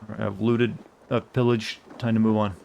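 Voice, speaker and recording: A man's voice: on the low side, flat delivery, moderate pace, gravelly, darkish tone, muffled recording, a little hiss or hum. A man from the United States streaming a video game. He chats in a rambling way with sarcastic, griping asides. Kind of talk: casual gameplay commentary.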